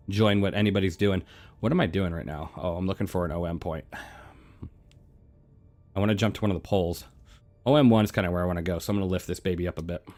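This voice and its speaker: Laid-back low-voiced male game streamer. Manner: relaxed, chatty, answers chat between flying. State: chewing a throat lozenge. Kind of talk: casual live-stream chat.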